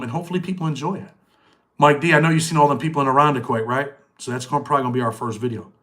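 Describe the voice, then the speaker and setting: Answering comments from viewers, this middle-aged channel host keeps his live chat casual and full of loose street slang. He speaks in a mid-range, fairly bright voice.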